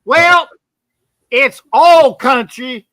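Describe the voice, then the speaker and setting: A man's voice: very high voice, very slow, pushed and bright, no room sound, voice pushed up, exaggerated voice. A man doing a boastful Texas oilman.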